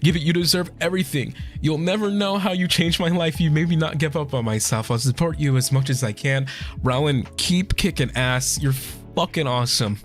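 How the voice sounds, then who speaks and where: A man's voice: fairly high pitch, fairly quick, soft background music. A young man streaming casual chat, tearful and swearing a lot as he thanks his viewers.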